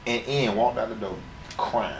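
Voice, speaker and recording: Here the ex-wrestler's voice is gravelly and medium-pitched, moving at a moderate pace. Middle-aged and sitting for an interview, he delivers brash, swear-filled stories from his wrestling career, acting out the other voices.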